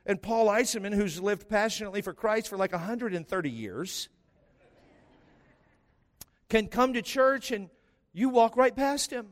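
A man's voice: sits high, in a large hall. A man preaching a sermon as pastor, emphatic and impassioned, firing rhetorical questions at the congregation. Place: church sanctuary.

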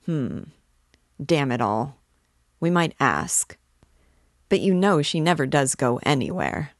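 Lady doing a cranky cursing guy at a door, low voice, dry recording. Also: expressive, takes it slowly, no room sound, heavily acted. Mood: irritated. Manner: grumbling, cursing. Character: impatient grumbling man visitor.

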